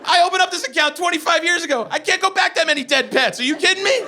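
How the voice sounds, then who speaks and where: High-voiced man doing stand-up to a laughing crowd. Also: fast, a little hiss or hum. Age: 40s. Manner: animated, profane storytelling with acted-out asides. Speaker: stand-up comedian. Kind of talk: stand-up comedy set. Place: comedy venue with a live audience. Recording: live show with loud audience laughter.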